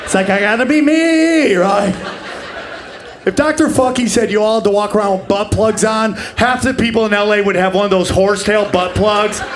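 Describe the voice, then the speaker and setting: A man in his forties doing live stand-up comedy, brash and profane, bursting into shouted voices. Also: high voice, fairly even intonation, moderate pace, a little hiss or hum. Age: 40s. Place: comedy stage before a laughing audience.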